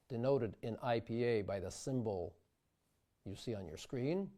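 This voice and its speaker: Guy explaining pronunciation real slow and careful, warm low-key tone. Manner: careful, deliberate demonstration of vowel sounds. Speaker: diction instructor. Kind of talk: scripted instructional narration.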